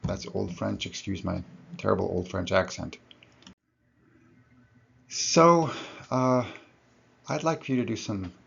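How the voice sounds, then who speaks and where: A man's voice: fairly low pitch, vocal fry, highs cut off, slight background noise. A man giving a recorded lecture to his students, explaining step by step and correcting himself as he goes.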